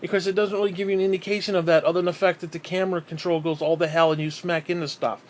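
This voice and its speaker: A man's voice: sits high, level tone, racing, slight background noise. A man hosting a gaming channel, delivering an angry, profane and sarcastic ranting review.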